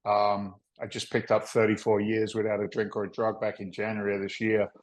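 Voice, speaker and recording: A man in his fifties from England, with an English accent tinged by Boston, telling stories as a podcast guest in a lively, joking way. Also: lowish voice, a little fast, rough recording. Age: 50s. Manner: lively, jokey, acts out voices. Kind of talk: animated interview storytelling.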